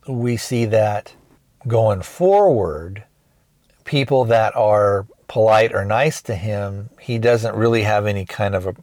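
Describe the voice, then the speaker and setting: Low-voiced man rambling through a film recap. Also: darkish tone, no room sound. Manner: rambling, retells scenes with quick acted quotes. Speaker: podcast host reviewing a film. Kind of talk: casual spoken film recap.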